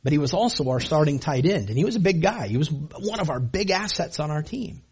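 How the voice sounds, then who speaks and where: Middle-aged guy spinning a football yarn, kinda husky, pretty high voice, laughs a lot. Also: fairly quick. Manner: animated, laughing often, acting out his past self. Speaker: former high school football player telling a story. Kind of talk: anecdotal storytelling to an audience.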